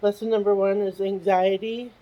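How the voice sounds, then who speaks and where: A tearful middle-aged woman talking haltingly through a personal video diary, with many pauses and restarts. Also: medium pitch, level tone, dark tone, rough recording. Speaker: vlogger.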